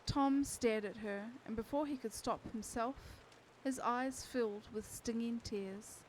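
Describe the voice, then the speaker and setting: A woman narrating a novel aloud for a live stream audience. Her delivery is slow and steady, with a slightly high voice and expressive phrasing. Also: slight background noise, poor audio. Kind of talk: unhurried storybook reading.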